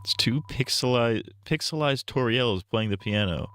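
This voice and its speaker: A man's voice: mid-range voice, lively intonation, moderate pace, a bit bright, clear, resonant tone. A male streamer casually reading game text aloud with irreverent, crude asides.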